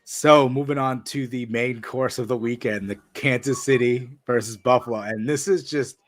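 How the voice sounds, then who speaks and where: A man's voice: mid-range voice, steady tone, moderate pace, no echo. A man in a mid-range voice hosts a sports podcast, recapping games with plenty of hesitant fillers. He hands the talk to his co-hosts with questions. The sound is dry and close. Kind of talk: casual sports chat.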